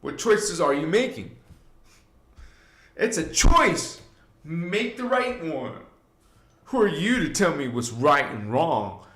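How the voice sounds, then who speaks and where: Slow-talking guy rambling on a spiritual livestream, voice swoops up and down, echoey room. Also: fairly high pitch, sing-song, fairly bright tone. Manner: loose, meandering, frequent fillers and asides; addresses viewers directly and preachy. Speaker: livestream host. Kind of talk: rambling live spiritual talk.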